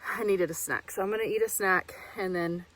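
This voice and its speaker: A woman's voice: medium pitch, fairly bright tone, low-quality recording. Breathless woman vlogging on a trail. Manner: chatty, rambling, quick to laugh. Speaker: vlogger hiking solo. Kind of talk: casual vlog monologue. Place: outdoors on a wooded trail.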